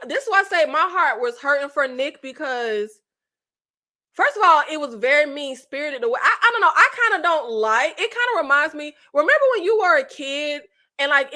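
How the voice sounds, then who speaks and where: Casting note: woman host, high bright voice, blunt and exasperated casual commentary. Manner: animated, exasperated, blunt with swearing. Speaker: channel host reviewing reality TV.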